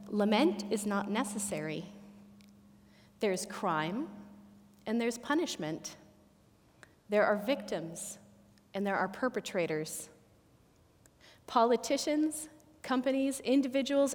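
A woman preaching a sermon in a church. She speaks in slow, deliberate phrases with emphatic pauses. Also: medium pitch, in a large hall. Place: church sanctuary. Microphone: pulpit microphone with feedback.

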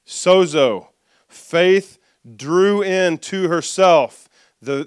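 A male pastor preaching with call-and-response, reading scripture aloud and dropping soft for asides. His voice sits fairly high and smooth, and the sound is dry and close. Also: dry recording. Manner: lively, drops soft for asides. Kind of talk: sermon.

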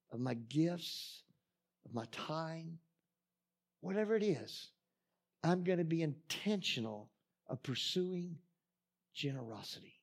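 A man's voice: on the high side, a little mellow. A middle-aged man, preaching a sermon in a folksy, storytelling way and reading scripture with rising emphasis. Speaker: pastor.

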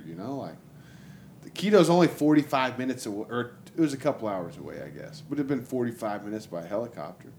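A man from Texas spins a casual story full of "like" and swearing. He jumps to a higher, louder voice whenever he acts out a quote, and a faint rumble of noise sits under the talk. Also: fast talker. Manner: animated, acts out quotes in a raised voice, lots of "like" and swearing. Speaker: storyteller guest.

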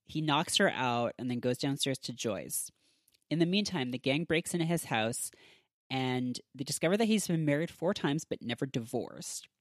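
A podcast host talks through an episode recap in a loose, chatty way, leaning on filler words as the thoughts come. The voice sits at a middling pitch, and the recording is close and dry with no room around it. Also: expressive, moderate pace, no echo.

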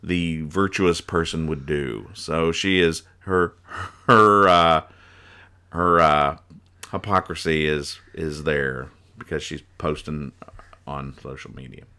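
A man hosting a casual podcast where he reads comic strips aloud, talking in a rambling, halting way and laughing at his own explanations. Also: rumbling low, steady tone, sharp tone, clear, resonant tone. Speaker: podcast host.

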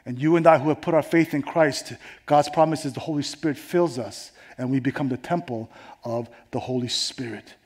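A pastor from New York preaching a sermon, telling a personal story and swinging between loud emphatic lines and hushed, quiet ones. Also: male voice, medium pitch, moderate pace, husky.

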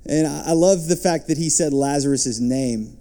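Male pastor, mellow timbre, animated sermon delivery. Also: fairly high pitch, moderate pace. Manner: animated preaching, rising and dropping to soft asides.

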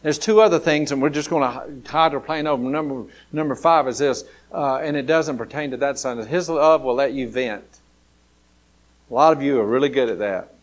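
A man, a pastor, delivering an earnest sermon straight to his listeners, shifting from hushed, slow lines to loud, excited ones. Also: mid-range voice. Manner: dramatic preaching, swinging from hushed to loud; earnest and direct, addressing listeners.

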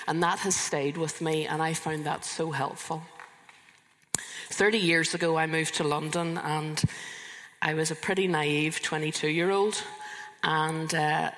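A woman in her fifties preaching a sermon to a live congregation. She talks in an earnest, conversational way and often restarts her sentences. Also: low-pitched. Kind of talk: sermon with personal testimony. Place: church hall, live congregation. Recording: long reverb of a large hall.

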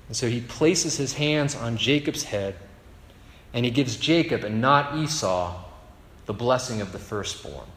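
Male preacher, mid pitch, storytelling sermon, long hall reverb. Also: measured pace, fairly bright tone. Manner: storytelling, conversational with rhetorical asides. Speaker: pastor.

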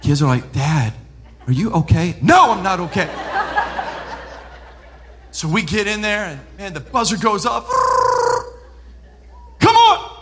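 A man in his thirties preaching a sermon as pastor, animated, swinging from loud preaching to hushed storytelling. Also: sits high, unhurried, long pauses, heavy background noise.

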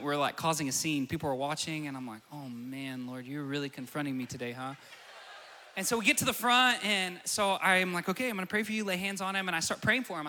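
A young man preaching in a church hall, his voice sitting high and sounding bright and forceful. He moves from storytelling into emphatic declarations. A long reverb trails behind his words. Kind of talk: sermon.

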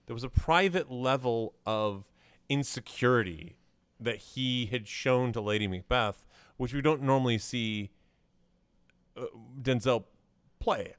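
Male podcast co-host of middle pitch, thoughtful and explanatory, recorded dry and close. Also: clean tone, no echo. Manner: measured, explanatory, with hesitations. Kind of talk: casual movie chat.

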